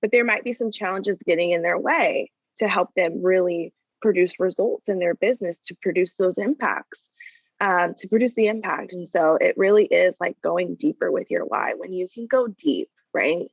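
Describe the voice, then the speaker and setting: A woman's voice: fairly low pitch, normal speed, husky, no room sound, muffled recording. A woman guest on a podcast who coaches business owners. She speaks earnestly and keeps checking in with "right?" and "you know". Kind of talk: conversational interview answers.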